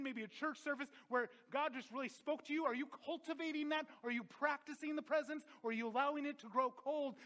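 A man preaching a sermon as a pastor, impassioned, swinging from loud emphatic peaks to quiet reflective drops. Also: high voice.

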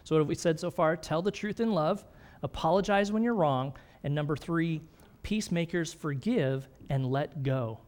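A man's voice: fairly high pitch, normal speed, darkish tone. A middle-aged man preaching a sermon in a conversational way, often checking in with his listeners and laughing lightly. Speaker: pastor.

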